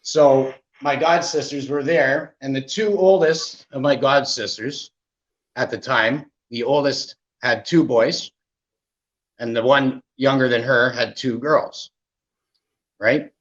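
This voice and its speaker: A man from Canada, a podcast guest, candidly telling his own story in an animated way, often asking "right?" as he goes. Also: mid-range voice, slow. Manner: animated, with frequent "right?" asides. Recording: muffled lo-fi audio.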